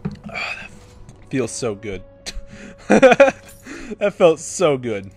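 A young man commentating his own gameplay, excitable, swearing and shouting at teammates. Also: mid-range voice, slow, slightly rough, soft background music.

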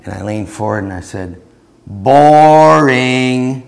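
A man teaching a Christian seminar and telling a story, growing loud and animated as he acts out what he said. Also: on the low side, moderate pace, creaky. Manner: storytelling, growing loud and animated when acting out his reply. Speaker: preacher.

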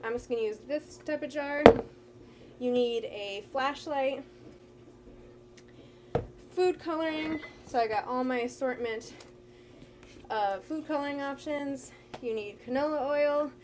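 A woman teaching young children at home, walking them through a movement game and a science activity in a gentle, encouraging way that sometimes loses its place. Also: high voice, unhurried, pauses often, noisy background. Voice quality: gentle, encouraging, occasionally losing her place. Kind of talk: children's lesson, talking to camera. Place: home with a carpet.

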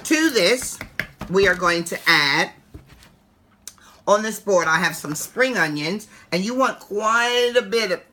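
A woman hosting a cooking show, chatting warmly and animatedly as she demonstrates a recipe in her kitchen. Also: medium pitch, lively intonation, slow, slight background noise.

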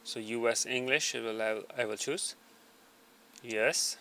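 A man's voice: medium pitch, measured pace, sharp tone, a little hiss or hum. A man narrating a step-by-step device tutorial, hesitant and full of fillers as he explains each setting. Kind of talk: screen tutorial voice-over. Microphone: small desk microphone.

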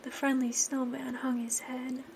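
A woman gently narrating and singing a children's story in a soft, sing-song voice that often drops to a whisper. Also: high-pitched, monotone, measured pace, vocal fry, faint music behind.

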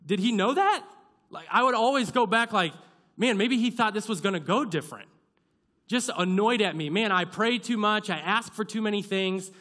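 Bright-voiced young male pastor preaching. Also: high-pitched, normal speed. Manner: conversational, self-deprecating preaching with acted-out asides. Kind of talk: sermon. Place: church sanctuary.

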